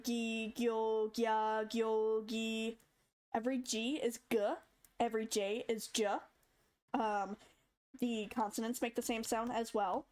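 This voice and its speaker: A young woman with a fairly high, darkish voice makes a casual screen-recorded tutorial. She chats her way through it step by step, demonstrating sounds as she goes.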